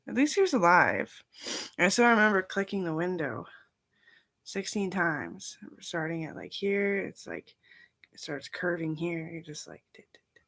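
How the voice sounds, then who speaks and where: Young woman vlogger, lowish voice, dead-dry sound, meandering profane monologue with soft whispered asides. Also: no room sound. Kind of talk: rambling casual monologue.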